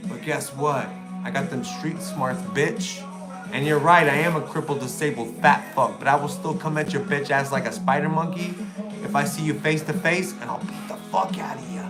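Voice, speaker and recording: A middle-aged man, ranting and taunting crudely as a livestream host. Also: on the high side. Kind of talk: profane livestream rant.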